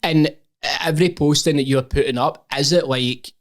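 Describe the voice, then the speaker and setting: A Scottish man hosting a casual podcast, matey and slangy, peppering his talk with local words. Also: fairly high pitch. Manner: fast, matey, slangy with "aye" and "wee". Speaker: podcast host.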